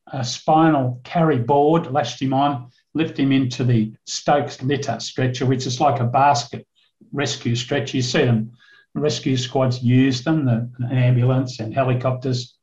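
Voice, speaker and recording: An older man, a retired police officer, preaches as a guest in church, telling a vivid story and acting out its dialogue. His voice is mid-range and darkish. The recording sounds echoey and dull.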